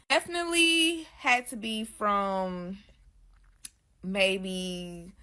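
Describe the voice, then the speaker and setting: A woman's voice: mid-range voice, fairly bright tone. A woman as a guest, casually telling her own story in loose, slangy speech and often addressing listeners as "y'all".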